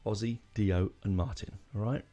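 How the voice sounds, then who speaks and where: A man's voice: on the low side, fairly even intonation, normal speed, dark tone. A man hosting a casual music podcast, rambling and emotional, with lots of fillers and restarts. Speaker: podcast host.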